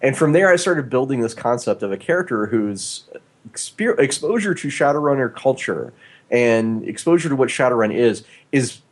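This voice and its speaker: A man in a mid-pitched voice co-hosts a relaxed podcast, talking loosely with plenty of filler words and restarts. He is close on a proper studio microphone in a small home studio. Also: moderate pace. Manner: rambling, with many filler "uh"s and restarts. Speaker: podcast co-host. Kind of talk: casual chat. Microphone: new studio microphone.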